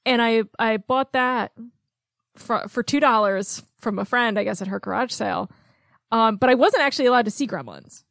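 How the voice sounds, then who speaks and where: A woman's voice: a little high, normal speed, creaky, a bit bright, no room sound, clean studio sound. A woman co-hosting a casual film podcast, talking in a chatty way with frequent ums and light laughs. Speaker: podcast co-host.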